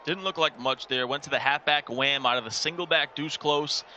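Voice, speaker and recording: A man's voice: a little high, normal speed, bright, forceful tone, slight background noise. A man giving color commentary on a football video game, breaking down plays and coaching viewers. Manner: explanatory, coaching asides to viewers.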